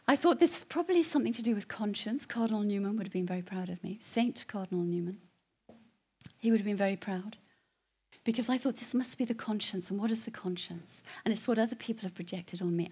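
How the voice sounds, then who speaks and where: A middle-aged woman tells her conversion story to a congregation. Her voice is breathy and husky. She swings between near-whispered, hushed passages and loud, emphatic bursts. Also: on the high side. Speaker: guest speaker giving testimony. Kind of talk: personal testimony to a congregation.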